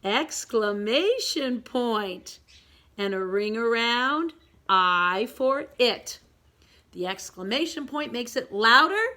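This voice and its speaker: A woman teaching a pre-K reading lesson, giving gentle step-by-step instructions and reading each sentence aloud slowly and with exaggeration. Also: fairly high pitch. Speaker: preschool teacher.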